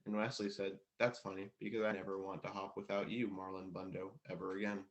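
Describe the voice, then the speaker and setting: Low-voiced man reading a storybook. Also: flat delivery, fairly quick. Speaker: class member reading a story at a church service.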